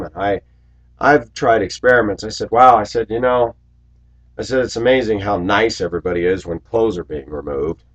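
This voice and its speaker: A man in his forties telling stories in a rambling monologue to his viewers, raising his voice loudly when he acts out what people said. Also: fairly low pitch, normal speed, lo-fi sound. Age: 40s. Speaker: video blogger. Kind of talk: casual monologue to camera.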